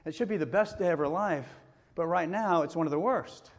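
A man's voice: fairly high pitch, brisk. Man preaching in a reverberant hall. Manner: conversational preaching with acted-out quotes. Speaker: pastor. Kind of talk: sermon.

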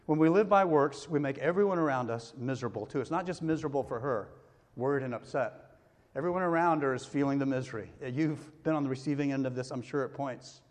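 A man's voice: medium pitch, fast, a little mellow. Man preaching in a reverberant hall. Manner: conversational preaching with acted-out quotes. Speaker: pastor. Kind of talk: sermon.

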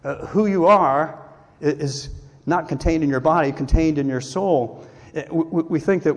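A man's voice: fairly high pitch, steady tone, quick pace. A man preaching a sermon, earnest and emphatic, acting out the people he quotes. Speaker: pastor. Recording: long hall reverb.

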